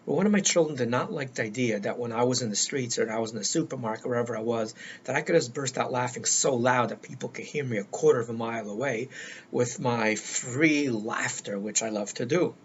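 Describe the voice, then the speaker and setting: A man's voice: mid-range voice, brisk. An older man giving earnest life-coaching advice, emphatic and repeating words for stress, on a dull lo-fi recording. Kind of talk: solo talk to camera. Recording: dull lo-fi sound with faint noise.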